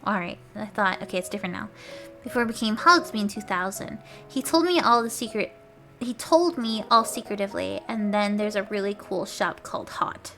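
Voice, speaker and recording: A woman's voice: medium pitch, expressive, moderate pace, creaky, bright, forceful tone, faint music behind. A woman streamer reading fan fiction aloud with commentary, stumbling over words, laughing and swearing as she goes.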